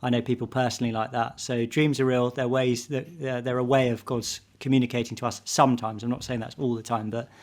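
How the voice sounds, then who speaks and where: A man's voice: mid-range voice, flat delivery, fast, few pauses. A man who is a vicar, speaking as a podcast guest in a casual, hesitant way, with repeated words as he finds his thoughts.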